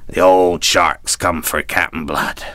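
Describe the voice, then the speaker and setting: Bold old pirate captain, boastful and growling, very deep and dry, as a man puts him on. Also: steady tone, slow, a bit bright, no room sound. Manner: growling pirate talk with arr and me.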